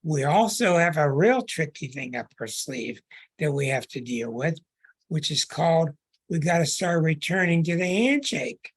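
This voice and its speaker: A man's voice: a little high, lively intonation, normal speed, breathy edge. A man hosting an astrology show, talking in an earnest, preaching monologue, stretching words for emphasis and restarting phrases. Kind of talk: podcast monologue.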